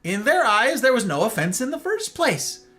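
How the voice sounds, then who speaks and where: An American man hosting a livestream monologue, talking in an animated way and often checking in with "right?" and "okay?". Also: very high voice, normal speed. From United States. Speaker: host.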